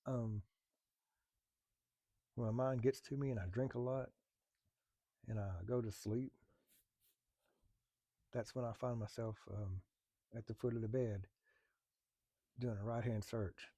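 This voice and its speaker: Man, low gravelly voice, dry close sound, candid storytelling with halting pauses and blunt swearing. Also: steady tone, dark tone, no echo. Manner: blunt, profane, halting with many fillers. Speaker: firefighter telling a personal story.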